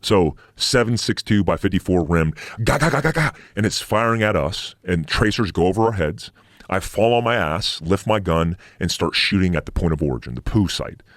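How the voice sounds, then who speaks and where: Middle-aged guy telling war stories on a podcast, deep voice, swears a lot, dry close sound. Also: moderate pace, no room sound. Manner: blunt and profane, with sound-effect noises. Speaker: podcast guest, military veteran. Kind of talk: casual war storytelling. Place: podcast studio.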